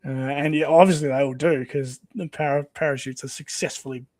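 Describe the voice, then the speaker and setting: A man's voice: fairly high pitch, steady tone, a little fast, a little mellow, no echo. A man hosting a casual comic read-along, chatty and laughing often. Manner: chatty, laughs often, voice rises and falls a lot. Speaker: host.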